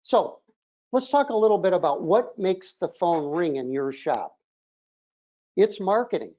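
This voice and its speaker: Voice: medium pitch, expressive, a little slow, warm tone, lo-fi sound. An auto repair shop trainer giving a webinar presentation in an instructive, emphatic way, often opening a point with "look".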